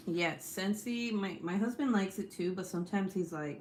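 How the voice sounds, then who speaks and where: A woman's voice: medium pitch, unhurried, darkish tone, a little hiss or hum. A young woman hosting a casual livestream, chatty and profane, leaning on lots of "like" fillers. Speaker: YouTube host.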